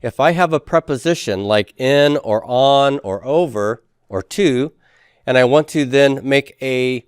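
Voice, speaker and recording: A man's voice: mid-range voice, a little slow, smooth, no echo, clean studio sound. A man teaching a class in a lecture style, explaining step by step and often checking with the students. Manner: explanatory, asks checking questions, frequent fillers.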